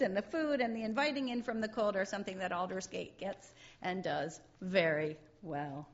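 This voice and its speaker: A woman's voice: mid-range voice, normal speed, few pauses, highs cut off. A woman giving a sermon in a chatty, conversational way, often breaking into laughter.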